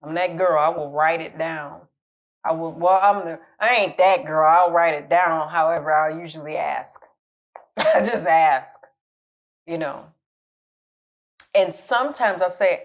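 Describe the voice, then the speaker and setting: A woman's voice: deep voice, measured pace, long pauses. A middle-aged woman coach giving candid, conversational relationship advice, laughing at her own jokes now and then. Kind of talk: casual advice talk to camera.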